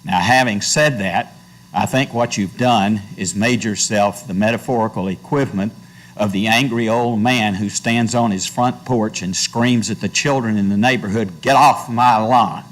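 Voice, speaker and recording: Indignant older man, low voice. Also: rough recording. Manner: pointed, indignant, measured. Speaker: public commenter at school board meeting. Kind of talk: prepared public comment.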